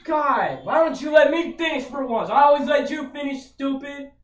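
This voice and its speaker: A woman's voice: high voice, expressive, normal speed, heavy background noise. A woman gaming with a friend, teasing, swearing and laughing as she plays. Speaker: gamer. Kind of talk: casual banter while playing a video game. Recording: echoey room from far off with music.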